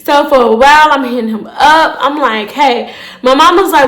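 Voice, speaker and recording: A young woman telling a storytime to her viewers in a casual, animated way, cursing freely and calling them y'all. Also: high voice, normal speed, reverberant. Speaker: storytime vlogger.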